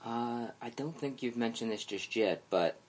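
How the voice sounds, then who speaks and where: A man interviewing a guest in a relaxed way, asking halting questions. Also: mid-range voice. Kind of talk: interview chat.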